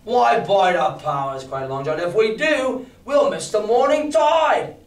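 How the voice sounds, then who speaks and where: A brash pirate cook with a high, shouting voice, as a man puts him on. He sounds like a storybook reading, heard from across an echoey room. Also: big pitch swings, moderate pace. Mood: protesting. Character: loud excitable male pirate cook. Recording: echoey room, distant mic.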